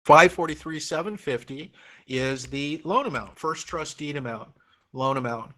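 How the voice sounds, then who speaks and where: A man's voice: a little high, moderate pace, bright, forceful tone. A middle-aged man from Oregon teaching a real estate class online, coaxing students through the math with repeated, encouraging phrases.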